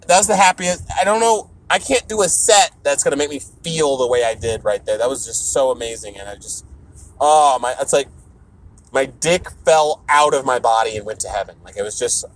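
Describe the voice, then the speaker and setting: A man who does stand-up, rambling through a profane podcast monologue while on the road, jumping into mock voices and scraps of broken French. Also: medium pitch. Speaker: comedian.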